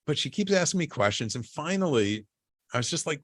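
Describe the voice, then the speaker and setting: A man as an interview guest telling a personal story in a lively way. He often restarts and repeats words, and he acts out the people he quotes. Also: on the high side, a little fast, no room sound. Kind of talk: conversational storytelling.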